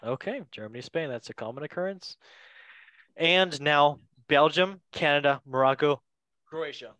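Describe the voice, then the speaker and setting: A young man hosting a casual football podcast, playful and quick to laugh, with goofy asides. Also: fairly high pitch, sharp tone, dry recording. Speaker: podcast host.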